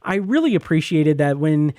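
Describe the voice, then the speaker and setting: A man hosting a podcast, reviewing a TV episode in a casual, halting way with lots of fillers and restarts, enthusiastic about what he likes. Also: fairly high pitch, sing-song, mellow, no echo, studio quality.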